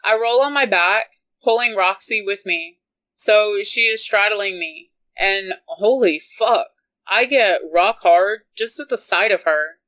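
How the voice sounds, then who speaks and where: A woman reads a romance novel aloud at a slow, unhurried pace. Her voice is bright and her delivery stays even, in a mid pitch. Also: poor audio. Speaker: audiobook reader.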